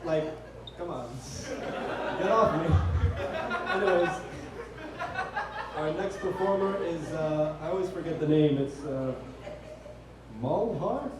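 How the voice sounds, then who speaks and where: A man's voice: on the high side, steady tone, normal speed, pauses often. A man hosting a stand-up comedy night, joking and hesitant with fillers as he introduces acts. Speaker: comedy show host. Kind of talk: stand-up emcee patter. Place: comedy bar stage. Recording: echoey room, distant mic, crowd noise.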